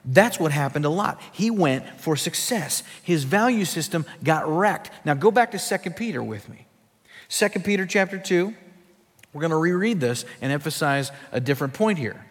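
A male pastor preaching a sermon, emphatic and full of rhetorical questions, dropping to a hush for weight. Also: on the high side, expressive, moderate pace, long reverb tail. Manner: emphatic, rhetorical questions, swings between loud and hushed.

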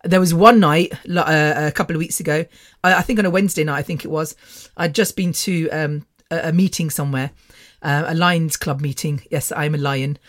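A woman's voice: low voice, steady tone, fairly quick. Chatty middle-aged British woman. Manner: chatty, rambling, laughs often. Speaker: podcast host. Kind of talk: casual personal monologue.

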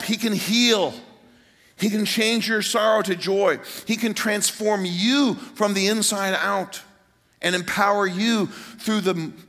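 A pastor preaching an Easter sermon to a large congregation, retelling the story with animated voices. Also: male voice. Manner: animated storytelling, voices quotes with rising pitch. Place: large church hall. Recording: reverberant church hall.

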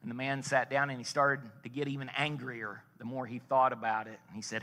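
Bright-voiced man preaching in an echoing hall. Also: mid-range voice, flat delivery, fairly quick, few pauses. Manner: folksy storytelling with rising emphasis. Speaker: pastor. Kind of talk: sermon.

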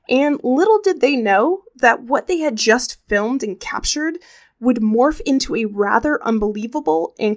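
Chatty, animated woman podcast host. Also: fairly high pitch. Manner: animated and chatty, pop-culture asides. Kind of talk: true crime podcast narration.

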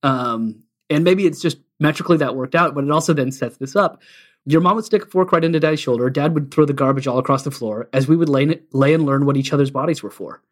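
A man co-hosting a podcast, musing about an album in a casual, reflective way with frequent "um" pauses. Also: on the high side. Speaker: podcast co-host.

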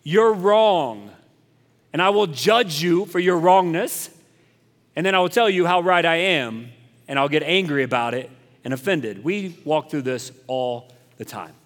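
Male pastor, fairly high voice, candid self-mocking sermon, church reverb. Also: lively intonation, moderate pace, fairly bright tone. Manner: candid, self-deprecating, repeats phrases for emphasis. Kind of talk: conversational sermon. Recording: echoey hall reverb.

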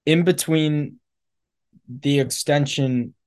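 A man co-hosting a casual sports podcast, adding details in a measured, low-key way. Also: darkish tone. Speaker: podcast co-host.

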